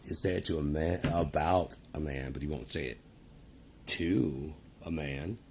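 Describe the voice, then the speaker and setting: Speaking at a measured pace, this man has a rumbling low, darkish voice and a bit of background noise behind him. He's a vlogger ranting to the camera, casual, rambling and profane.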